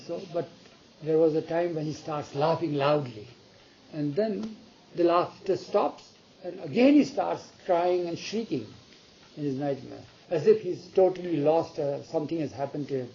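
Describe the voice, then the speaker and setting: Man, storyteller, gravelly, deep mellow tone, acts out dialogue, dull lo-fi recording, faint hiss. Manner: animated, acts out the dialogue, asks the audience questions. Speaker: speaker retelling a spiritual story. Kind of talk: storytelling talk to an audience.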